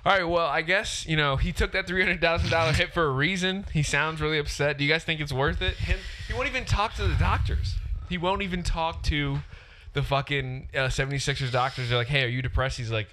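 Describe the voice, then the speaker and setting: A man's voice: on the high side, a little fast, background noise. A man hosting a casual sports podcast, swearing freely and talking over his co-hosts. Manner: profane, talks over the others. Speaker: podcast host. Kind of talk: casual chat.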